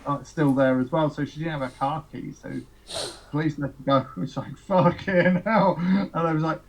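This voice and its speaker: A man's voice: a little high, fairly even intonation, a little fast, a crowd in the background, poor audio. A man, a touring musician, telling rambling road anecdotes on a podcast, laughing and quoting people as he goes. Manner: rambling, laughs through anecdotes, quotes others. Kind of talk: casual podcast storytelling.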